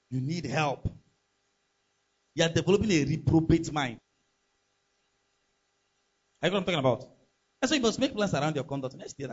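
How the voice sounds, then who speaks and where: A man's voice: high voice, slightly rough, muffled recording. A man preaching a sermon as pastor, emphatic and full of rhetorical questions to the congregation.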